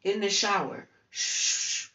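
A woman's voice: mid-range voice, lively intonation, takes it slowly, bright, forceful tone. A woman from the United States preaching informally in a conversational, urging way while she has the hiccups and keeps yawning. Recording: roomy, distant, dull sound.

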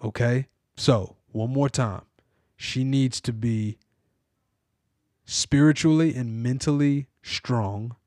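A man's voice: medium pitch, slow, darkish tone, no echo. Man, podcast host, emphatic sermon-like advice, repeats himself, dry close sound. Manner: emphatic, repetitive, addresses listeners directly. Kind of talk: preachy advice monologue.

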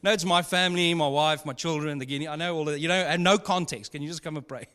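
Speaking fast in a voice on the high side, a man gives a sermon as pastor with a sharp yet clean tone. He keeps it conversational and humorous, telling stories with laughs and frequent asides, and a long hall reverb trails each phrase.

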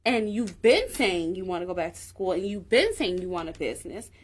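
A woman's voice: fairly low pitch, expressive, a little fast, slightly rough. A woman in her thirties co-hosting a live stream, talking in a blunt, profane and emphatic way. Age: 30s. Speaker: livestream co-host. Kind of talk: casual chat.

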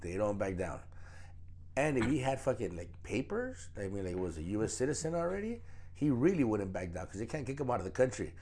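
A man of Mexican heritage hosting a podcast, talking in a profane, animated, advice-giving way in casual chat. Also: on the low side, a little fast, slight background noise.

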